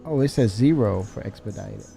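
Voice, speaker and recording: A man's voice: fairly low pitch, normal speed, creaky, over loud music. A man streaming a video game and commenting live, grumbling in mock anger and laughing at himself. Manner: wry, mock-angry grumbling with self-mocking laughs.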